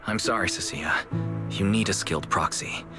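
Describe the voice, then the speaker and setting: A man plays a calm young proxy who explains his troubles patiently and earnestly, with a dry wit. His voice sits a little low. Game music runs under the lines. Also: lightly acted. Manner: calm, measured, dry humor. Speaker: game character. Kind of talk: video game dialogue. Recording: game audio with music behind.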